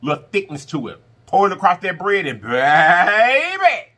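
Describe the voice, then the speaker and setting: A man's voice: high voice, huge pitch swings, unhurried, pushed and bright. A middle-aged man, talking casually to the camera while he eats and fondly calling his viewers "baby" and "y'all". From Southern United States. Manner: affectionate, preachy, calls viewers "baby" and "y'all". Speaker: mukbang vlogger.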